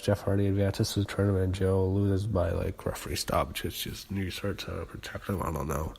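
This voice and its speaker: A man's voice: fairly low pitch, darkish tone. Rambling man reviewing wrestling. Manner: rambling, frequent fillers and restarts, frustrated swearing. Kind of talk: casual spoken review.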